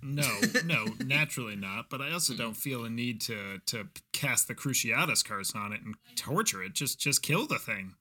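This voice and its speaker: A man in casual podcast chat, explaining in halting, rambling sentences. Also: mid-range voice, animated, sharp tone. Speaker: podcast co-host.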